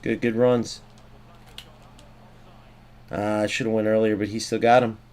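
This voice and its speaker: A man's voice: on the low side, measured pace. A young man streaming a football video game, commenting live, swearing and ranting about glitches. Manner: excitable, swears, rants at the game. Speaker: gaming streamer.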